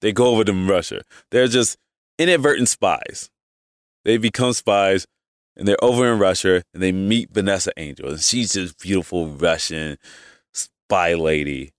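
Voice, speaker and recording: Male podcast host, very low pitch, dry room, loose chatty monologue full of restarts. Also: moderate pace, no echo. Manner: rambling, with frequent restarts and asides. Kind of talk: casual opinion monologue.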